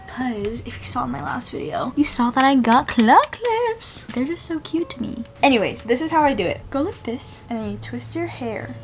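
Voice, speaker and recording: A woman's voice: a little high, animated, a little fast, few pauses, a little mellow, slight background noise. A woman vlogging her day in casual chat, with lots of "like" fillers and giggles, filmed on a handheld camera at home. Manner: chatty, many "like" fillers, giggly. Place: home, then in a car.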